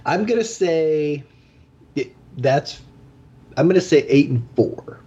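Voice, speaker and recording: A man co-hosting casual sports analysis, measured, with many fillers. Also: fairly high pitch, animated, warm tone, husky. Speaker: podcast co-host. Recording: slightly dull lo-fi audio.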